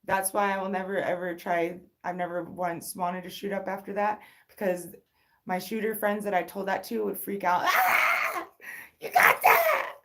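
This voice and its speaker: A woman's voice: on the low side, flat delivery, normal speed. A woman in her thirties telling a personal story on a casual livestream, candid and rambling, full of swearing and restarts. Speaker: livestream host.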